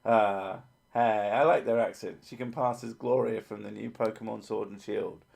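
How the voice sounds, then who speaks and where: A man with a fairly low voice hosts a laid-back livestream, riffing on viewer comments. He jokes constantly, swears freely and drifts off topic easily. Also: fairly even intonation, normal speed, creaky, darkish tone, husky. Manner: profane, joking, easily sidetracked. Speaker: livestream host reading chat. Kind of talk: casual livestream chat.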